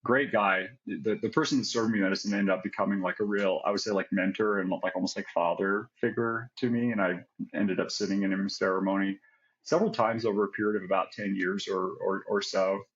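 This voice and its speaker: Candid man, slightly low voice. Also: fairly even intonation, fairly quick, fairly bright tone, muffled recording. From United States. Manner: reflective, candid, peppers speech with "like" and "right?". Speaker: guest, psychiatric pharmacist. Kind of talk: personal storytelling in interview.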